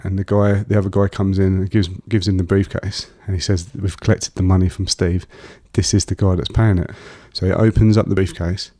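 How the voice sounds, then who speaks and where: A deep-voiced man speaks in a low, even tone that barely rises or falls. His story comes out halting, full of fillers and restarts. The sound is close and dry. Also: no echo. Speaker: guest. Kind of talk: personal storytelling in an interview.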